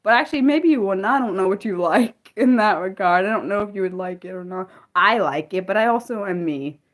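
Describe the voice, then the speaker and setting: Livestream host: woman, casual and rambling, pitch leaping up and down as she reacts to chat. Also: expressive. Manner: chatty, rambling, quick to exclaim and react to chat. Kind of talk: unscripted livestream chat with viewers.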